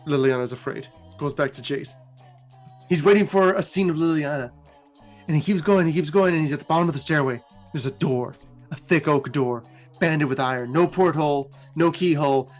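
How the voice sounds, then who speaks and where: A co-host casually retelling game lore in an animated, chatty way. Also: mid-range voice. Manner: animated, chatty, laughs at own jokes.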